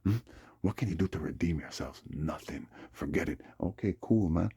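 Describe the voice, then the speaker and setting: A man's voice: low voice, moderate pace, mellow, no room sound, clean studio sound. A man in a rambling, agitated monologue, repeating himself and acting out what other people said to him. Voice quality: husky, gravelly. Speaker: vlogger. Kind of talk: rambling monologue recounting a dispute.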